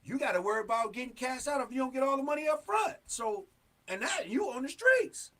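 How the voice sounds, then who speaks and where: A man delivers a casual, earnest monologue as a talk show host. His voice sits high, and he presses his points hard with street slang and frequent "you know what I'm saying.". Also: expressive, fairly quick, bright, forceful tone.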